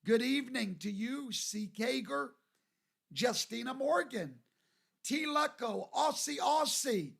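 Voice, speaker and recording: A man from Louisiana, hosting a livestream and greeting viewers by name in a folksy, drawn-out way. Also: extremely high pitch, animated, gravelly, fairly bright tone. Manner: folksy, drawn-out, reads viewer names aloud. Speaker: show host.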